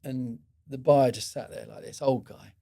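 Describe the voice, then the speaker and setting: A middle-aged man speaks in a gravelly voice of average pitch. He tells stories as a podcast guest and often breaks off and restarts his sentences. He sounds animated. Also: moderate pace. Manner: animated storyteller, many restarts. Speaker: guest, former procurement executive. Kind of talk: conversational podcast interview.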